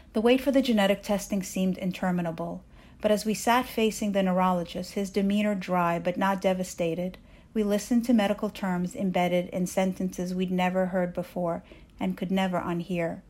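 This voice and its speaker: A woman reading her own personal essay aloud in a measured, candid storytelling voice. She grew up in Soviet Ukraine. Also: lowish voice, a little mellow.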